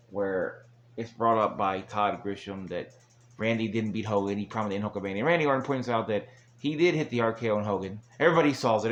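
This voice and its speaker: A man's voice: lowish voice, lo-fi sound. A man recapping an old wrestling broadcast in a casual, rambling monologue, chuckling along the way and dropping crude asides. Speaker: wrestling show reviewer.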